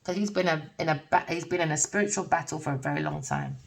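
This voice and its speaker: Cursing openly and laughing often, a middle-aged woman gives a meandering, blunt spiritual tarot reading. She talks fast in a deep voice whose pitch swoops wildly, and she sounds far from the microphone.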